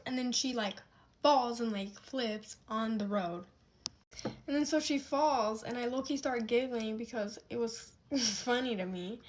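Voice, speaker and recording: A young woman telling a casual get-ready-with-me storytime, rambling with lots of fillers and restarts. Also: fairly high pitch.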